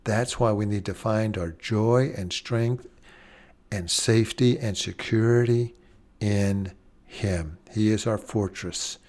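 A man preaching a sermon in an earnest way, slowing down and pausing, and dropping soft on key phrases. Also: fairly low pitch.

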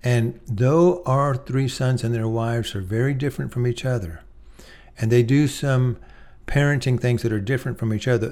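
A middle-aged man giving a faith-based talk on parenting, measured and emphatic, slowing down on key points. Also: medium pitch, darkish tone. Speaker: speaker on parenting.

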